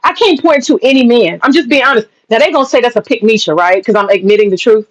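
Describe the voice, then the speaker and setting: A woman's voice: on the high side, dull audio. A woman hosting a livestream, talking casually and sarcastically with lots of slang, profanity and frequent laughter. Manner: casual slangy talk, drawn-out mock pleading. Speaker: livestream host and businesswoman. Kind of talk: livestream chat reading comments.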